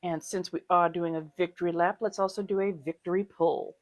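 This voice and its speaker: A woman's voice: lowish voice, fairly even intonation, brisk, dry recording, clean studio sound. A woman hosting a casual livestream, chatting with viewers, laughing often and calling them darlings. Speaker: livestream host.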